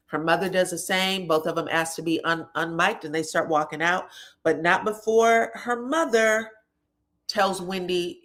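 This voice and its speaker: A woman's voice: on the low side, normal speed, a bit bright. A woman casually recapping a reality show episode in a chatty, conversational way. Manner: chatty, conversational, drops in "you know what I'm saying".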